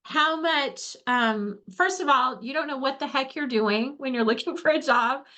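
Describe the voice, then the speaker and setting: A woman's voice: high voice, normal speed, pushed and bright. A middle-aged woman hosting a faith-based workshop over a video call. She speaks casually and earnestly, often turning to ask her audience questions. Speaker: workshop host and coach.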